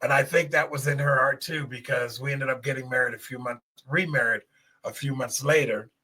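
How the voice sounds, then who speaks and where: A man's voice: mid-range voice, steady tone, a little fast, bright, forceful tone. A middle-aged man hosting a podcast, telling a personal testimony in an earnest, emotional way and speaking straight to his listeners. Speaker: podcast host.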